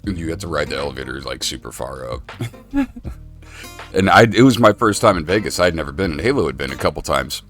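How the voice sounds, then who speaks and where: A male host tells a story, acting out the voices of the people in it. His voice sits very low. Faint music runs in the background. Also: a little fast. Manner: animated storyteller, acts out voices. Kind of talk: casual storytelling chat.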